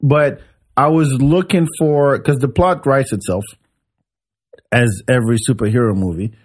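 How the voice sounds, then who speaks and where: A man's voice: medium pitch, measured pace. A man hosting a podcast, chatting casually, teasing his guest and laughing. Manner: laughs and teases, stumbles over names. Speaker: podcast host. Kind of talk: casual chat.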